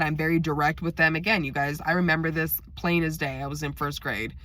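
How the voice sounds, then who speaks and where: A woman's voice: deep voice, fairly quick, hardly any pauses, no echo. Chatty woman telling a storytime. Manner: direct, animated, chatty. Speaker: vlogger. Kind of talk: casual storytime.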